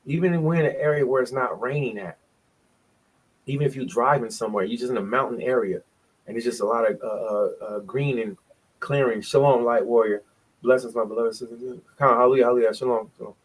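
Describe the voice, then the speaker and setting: A man teaching a bible study on a livestream, preachy and emphatic, swinging between loud bursts and hushed words. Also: medium pitch, fast talker, husky.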